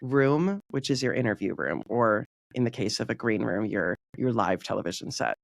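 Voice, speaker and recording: A man's voice: medium pitch, animated, normal speed, vocal fry, no echo, studio quality. A man answering interview questions in a casual, chatty way, often saying "like" and acting out bits of remembered dialogue. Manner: chatty, heavy use of "like", acts out quoted dialogue. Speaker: podcast guest, community manager.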